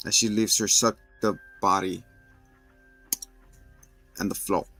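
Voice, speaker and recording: A man, a parent, casually recapping a TV episode and retelling its scenes with quick asides. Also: little pitch movement, bright, forceful tone, soft background music, rough recording. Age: adult with children. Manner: retells scenes and acts out the characters' lines in a higher voice. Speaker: show host recapping a TV episode. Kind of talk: casual recap with acted quotes.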